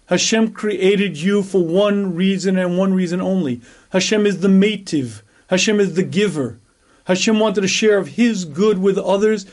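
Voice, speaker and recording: High-voiced male teacher, emphatic and repetitive, clears throat often. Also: darkish tone. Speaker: rabbi teaching a weekly class. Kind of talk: Torah class lecture.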